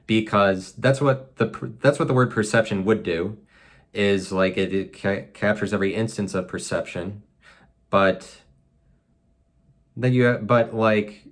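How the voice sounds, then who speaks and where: Very deep-voiced rambling man. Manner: musing, filler-heavy, self-mocking. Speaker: podcast host. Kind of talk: rambling solo monologue. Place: apartment room.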